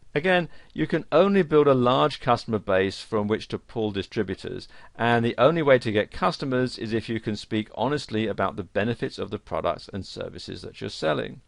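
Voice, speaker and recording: A man's voice: medium pitch, gravelly, dry recording. A man narrating an online course lesson, giving earnest, direct advice to learners.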